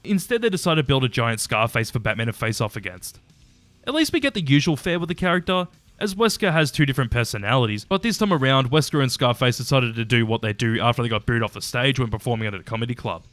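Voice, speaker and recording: Male video reviewer, quick and animated, chatty and blunt, dry close sound. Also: medium pitch, dry recording. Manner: chatty and opinionated, with mild swearing. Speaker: YouTube episode reviewer. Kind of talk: casual commentary ranking episodes.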